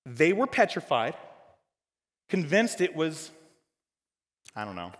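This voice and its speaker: A male pastor delivering a sermon, his voice riding high and swooping through a lively pitch range. He pushes hard on key words, then drops to near-hushed asides. The sound carries a long reverb from a church hall. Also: slow, pauses often. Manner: dynamic, swings from loud emphasis to quiet.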